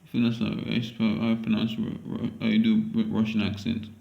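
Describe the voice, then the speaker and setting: A man's voice: lowish voice, little pitch movement, fairly quick, vocal fry, echoey room, dull audio. A man with a London accent recording a casual audition at home, hesitant and repeating himself as he muses aloud.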